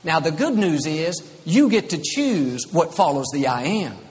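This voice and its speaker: Male preacher, slightly high voice, emphatic sermon delivery, reverberant hall, faint ambience. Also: big pitch swings, a little slow. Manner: emphatic, repetitive.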